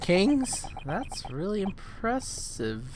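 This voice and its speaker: A male streamer with a slightly high voice reads game dialogue aloud in a measured, polite tone. His stream audio carries a clear, steady background noise throughout. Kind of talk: reading game lines aloud and chatting on a live stream.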